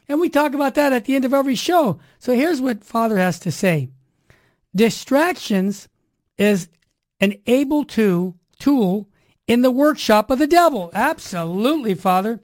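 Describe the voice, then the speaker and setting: A woman's voice: on the high side, darkish tone. A woman hosting a religious talk radio show in an emphatic, preachy monologue full of rhyming slogans.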